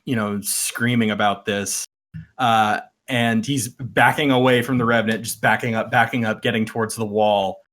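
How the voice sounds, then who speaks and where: A man's voice: medium pitch, a bit bright. A man narrating as game master of a tabletop game, hesitant with frequent fillers. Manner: hesitant, lots of uh and um, chuckling.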